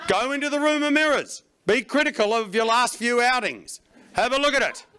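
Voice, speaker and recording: A middle-aged man performing a stand-up comedy routine on stage, breaking into loud shouted bursts. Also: very high-pitched, animated, normal speed, smooth. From Australia. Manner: swings into loud shouted bursts for acted panic. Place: stage before a laughing audience.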